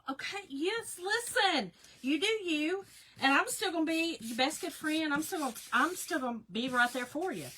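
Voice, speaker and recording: Hosting a craft livestream, a middle-aged woman chats casually with viewers and addresses them by name. Her voice is high and sharp-toned, and the recording is rough.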